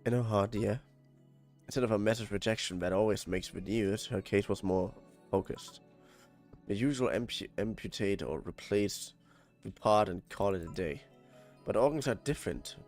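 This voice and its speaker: A man's voice: fairly low pitch, normal speed, darkish tone, soft background music. A man with a German accent reading game dialogue aloud on a stream, tripping over words and swearing when annoyed.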